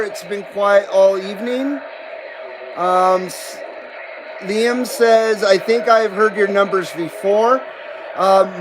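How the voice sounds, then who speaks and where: A man's voice: high voice, background noise. A man hosting a CB radio livestream, reading chat messages aloud in a rambling, self-deprecating way and laughing often. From western United States.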